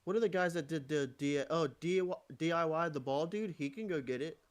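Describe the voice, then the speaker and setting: A man chats casually on a wrestling podcast. He speaks in a laid-back, hesitant way. He leans on fillers often, and his voice sits at an ordinary middle pitch. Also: normal speed. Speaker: podcast co-host.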